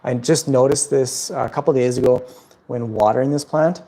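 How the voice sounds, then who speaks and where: A man's voice: mid-range voice, normal speed, dark tone. A man hosting a casual plant livestream from home, chatting loosely with viewers in a rambling way. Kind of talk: casual livestream chat answering viewer questions. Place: at home indoors.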